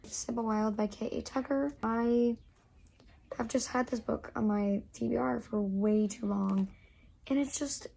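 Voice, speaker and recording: A woman's voice: on the high side, vocal fry, dark tone. A young woman in her twenties chatting casually to camera as a book vlogger, gushing and full of fillers.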